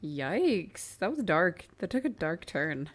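A woman's voice: on the low side, big pitch swings, slow. A young woman co-hosting a podcast, chatting in an easygoing, agreeable way while recapping a TV episode. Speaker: podcast co-host. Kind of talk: casual chat recapping a TV episode.

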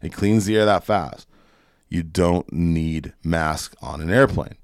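A man's voice: sits low, slow, clean tone, no echo, clean studio sound. A man hosting a podcast, ranting casually and emphatically with plenty of profanity. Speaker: podcast host. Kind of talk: casual opinionated podcast rant.

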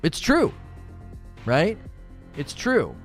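Drawing out his words, a middle-aged gaming streamer with a fairly high, wildly swooping voice chats and jokes casually on a livestream. He keeps repeating phrases while faint music plays.

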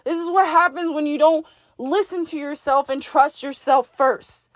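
A woman with a high voice delivers a forceful, profane pep talk to herself, speaking in the second person. She is blunt and insistent. The recording is dry and close. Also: steady tone, normal speed, no room sound. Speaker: podcast host. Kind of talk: self-directed pep talk monologue.

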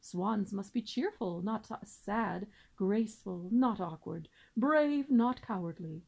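A woman's voice: medium pitch, takes it slowly, gravelly, darkish tone, slightly rough, heavily acted. A woman reading aloud and voicing a pompous, long-winded male father swan who lectures formally. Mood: comforting.

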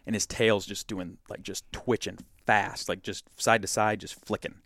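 Low-voiced man telling a hunting story. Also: moderate pace, no room sound, clean studio sound. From Michigan. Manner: animated, acts out quotes in his story. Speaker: podcast guest, hunter. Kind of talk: casual storytelling.

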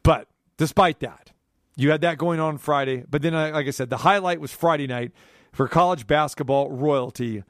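A man hosts a sports talk radio show from the studio with an animated, rambling delivery that keeps building excitement. His voice sits somewhat high for a man. The sound is close and dry, with no room around it. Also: moderate pace, no room sound.

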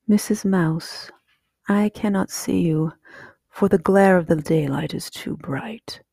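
A woman voicing a large, stern male owl in a slow, formal, measured whispered role-play, husky and close. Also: fairly low pitch, dark tone, no room sound, exaggerated voice. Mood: coaxing.

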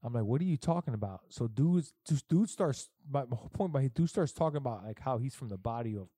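A man's voice: mid-range voice, lively intonation, fast talker, dark tone, no echo, studio quality. A middle-aged man telling stories in casual, profane chat, as a podcast host. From Puerto Rico heritage. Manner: profane, storytelling, emphatic.

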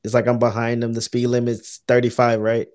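A man's voice: medium pitch, monotone, brisk, a little mellow. A man co-hosting a podcast, telling stories in loose, profane casual chat. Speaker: podcast co-host.

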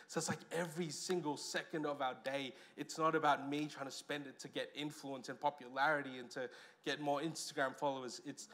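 A man with an Australian accent preaching a sermon as pastor, lively, with loud stresses and quiet asides. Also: medium pitch.

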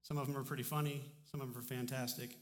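A man preaching a sermon as pastor, in a relaxed, conversational way with frequent restarts, in a church sanctuary. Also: mid-range voice, quick pace. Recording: long hall reverb.

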